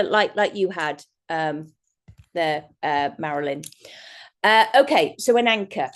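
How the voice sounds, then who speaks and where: A woman giving a chatty, rambling workshop talk as a guest speaker over a video call, often breaking into laughter. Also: mid-range voice. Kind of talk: online workshop presentation.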